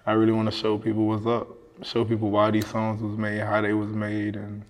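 Laid-back Miami rapper in an echoey room. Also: male voice, on the low side, completely flat delivery, fairly quick. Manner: laid-back, slangy, laughs often. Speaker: rapper guest. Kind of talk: casual interview chat. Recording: echoey room with long reverb.

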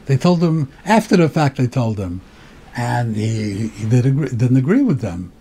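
A man's voice: medium pitch, sing-song, moderate pace, dark tone, breathy edge. A rabbi giving a Torah lecture, mixing Hebrew terms into English and often repeating words as he thinks.

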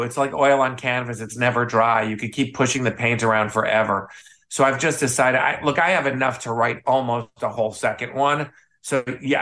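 A man from the Midwest, a photographer and author, telling stories casually as an interview guest and acting out the people he quotes. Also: mid-range voice. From Midwest United States. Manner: animated anecdote teller, acts out quoted voices.

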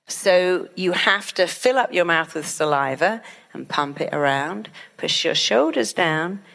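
A middle-aged woman giving a motivational talk, lively and acting out panicked inner voices as she explains. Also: fairly low pitch, measured pace, gravelly. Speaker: hypnotherapist and speaker.

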